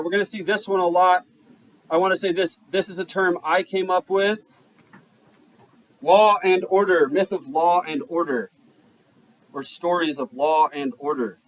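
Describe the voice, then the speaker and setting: High-voiced joking male teacher. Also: fairly bright tone, rough recording. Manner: joking, keeps quizzing the class. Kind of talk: classroom lecture. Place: classroom.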